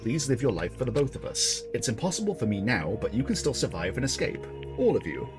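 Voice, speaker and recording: A man voicing a gentle, earnest AI program. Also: mid-range voice, sing-song, fairly quick, over music, close to an everyday voice. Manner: soft, earnest and formal. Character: gentle polite computer program, young male. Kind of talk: reading a visual novel aloud.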